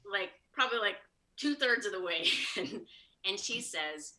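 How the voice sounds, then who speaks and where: Bright, high-energy woman comic storyteller. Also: animated, low-quality recording. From Chicago. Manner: fast, high-energy, acts out quotes. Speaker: comedian. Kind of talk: live storytelling monologue.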